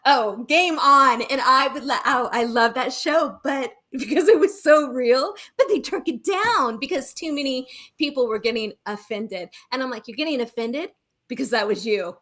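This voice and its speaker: Chatty, animated woman co-host. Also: high voice, normal speed, few pauses. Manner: chatty storyteller, animated, laughs often. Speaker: show co-host. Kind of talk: casual spiritual chat.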